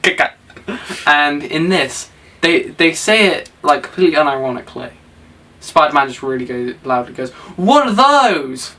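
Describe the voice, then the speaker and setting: A man's voice: a little high, fairly even intonation, normal speed, bright, forceful tone. A young man co-hosting a casual film review, mostly agreeing with short replies and a bit sweary. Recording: voice from a distance.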